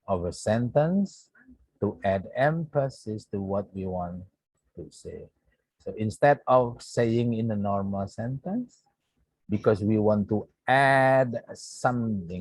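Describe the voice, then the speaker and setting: This native Indonesian man, speaking with an Indonesian accent, has a lowish, husky voice, recorded without echo in low quality. He teaches English grammar to his students in a recorded online lesson. Expect slow, deliberate explaining, repeated points, and plenty of "yeah."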